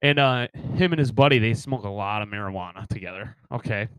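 A man's voice: fairly low pitch, a little fast, fairly bright tone, clear, resonant tone, no room sound, poor audio. A man co-hosting a podcast, chatting casually and telling a story on a close mic, often breaking into laughter. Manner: laughs often, trails into giggles. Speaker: podcast co-host.

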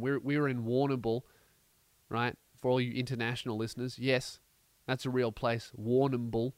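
A man hosting a podcast, telling a comedic story in a brash, profane, animated way with mocking asides. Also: mid-range voice, moderate pace, clean tone, no room sound. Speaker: podcast host.

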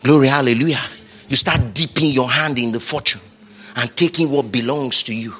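A man preaching a sermon as pastor, repeating phrases and building to shouted climaxes. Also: mid-range voice, normal speed, slightly rough.

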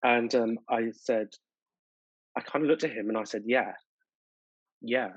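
A man from the United Kingdom, interviewed about his own life, talking in a reflective way and often filling pauses with "sort of" and "you know". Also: medium pitch, husky, dry recording. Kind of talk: personal storytelling in conversation. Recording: dull lo-fi dry recording.

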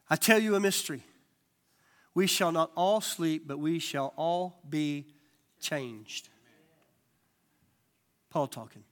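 Male preacher, high-pitched, lively and conversational from the pulpit. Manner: animated preaching with folksy asides. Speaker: pastor. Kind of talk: sermon.

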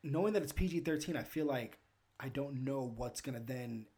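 A movie review show co-host in casual chat, animated and laughing often. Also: medium pitch, normal speed.

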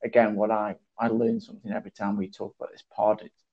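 A man co-hosting a golf podcast, speaking casually and warmly appreciative of the talk. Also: fairly low pitch, flat delivery, fast, slightly rough. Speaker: podcast co-host. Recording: dull lo-fi podcast audio.

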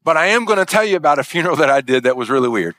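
Man, pastor, sermon story, halting restarts, fairly high voice, dry sound. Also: lively intonation, a bit bright, dry recording.

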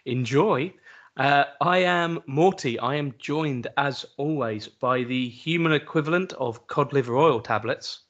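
A man's voice: mid-range voice, unhurried, fairly bright tone. Guy hosting a chat podcast, dry teasing jokes, kinda dull lo-fi mic. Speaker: podcast host. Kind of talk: casual chat.

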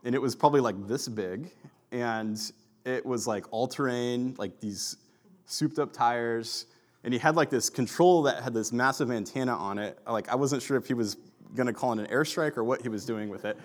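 A male pastor delivering a sermon in a relaxed, conversational style. He tells stories casually, with lots of "like" and filler words. His voice sits at an ordinary middle pitch. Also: normal speed. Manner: chatty storyteller, heavy use of "like". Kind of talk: sermon with personal storytelling.

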